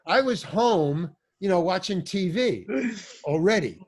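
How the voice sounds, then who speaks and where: An older man, an actor, telling animated, rambling stories as a podcast guest, swearing and restarting his sentences. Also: high-pitched, measured pace. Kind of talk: storytelling in a podcast interview.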